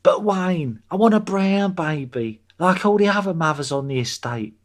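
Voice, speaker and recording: A man putting on a shrill, brassy working-class woman. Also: lively intonation, normal speed. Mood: demanding. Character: brash working-class woman wanting a baby.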